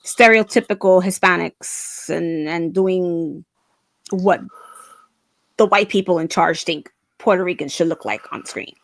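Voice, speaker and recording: A woman's voice: on the low side, unhurried, creaky, no echo, studio quality. A woman co-hosting a casual podcast chat, chatty and laughing often. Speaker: co-host.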